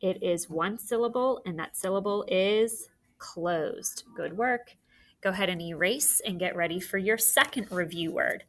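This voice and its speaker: A woman's voice: medium pitch, a little slow, a bit bright. A woman teaching a phonics lesson, patiently dictating words and sounds and encouraging young students.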